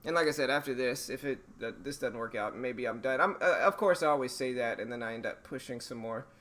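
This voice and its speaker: A day trader hosts a live trading stream, thinking out loud in a relaxed, halting way. His medium-pitched voice sounds a little hoarse.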